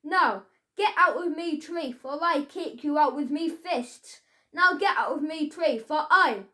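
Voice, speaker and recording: A woman's voice: sits high, a little slow, pushed and bright. A woman voicing a greedy, nasty old man in a children's audiobook, gloating and coarse. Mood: roaring. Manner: gloating, roaring and laughing, coarse ungrammatical speech. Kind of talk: storybook character voice.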